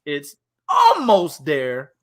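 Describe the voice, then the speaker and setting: Animated high-voiced man in profane banter. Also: extremely slow. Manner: loud, animated, laughing, heavy slang. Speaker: boxing podcast co-host. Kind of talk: casual profane chat.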